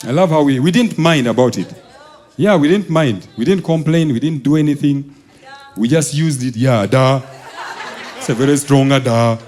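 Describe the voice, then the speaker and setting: A young Ugandan man performing a stand-up comedy set, telling animated stories and acting out the people in them. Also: mid-range voice, normal speed, some chatter behind. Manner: animated storytelling, acting out characters, laughing.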